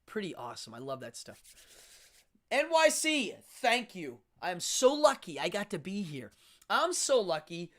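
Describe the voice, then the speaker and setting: Middle-aged male livestream host, lively sing-song delivery, rambling and chatty, talks straight to his viewers. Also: sits high, moderate pace. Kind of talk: casual livestream chat with viewers.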